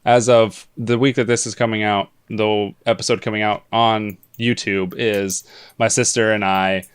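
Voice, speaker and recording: A man's voice: fairly low pitch, flat delivery, moderate pace, clean tone. A man co-hosting a podcast in casual chat, blunt and opinionated, swearing now and then. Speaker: podcast co-host.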